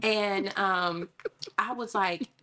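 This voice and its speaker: A woman in casual podcast chat, telling lively stories about her children and acting out what was said. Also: medium pitch, drawn-out words. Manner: animated storyteller, acts out quotes. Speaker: mother on a podcast.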